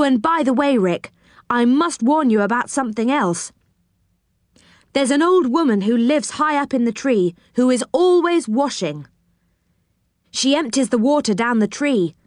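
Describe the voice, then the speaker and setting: Woman reader as a knowing storybook boy who explains things, slightly high and lively in tone. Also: no room sound, studio quality. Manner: explaining, warning. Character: knowing, helpful young boy guide. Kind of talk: storybook reading.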